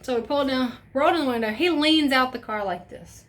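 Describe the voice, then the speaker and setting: Young woman doing a storytime vlog, chatty and animated, cusses a lot, does little voices for everyone. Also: fairly high pitch, quick pace, few pauses. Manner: animated, swearing, acts out quotes with voice shifts. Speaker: storytime vlogger.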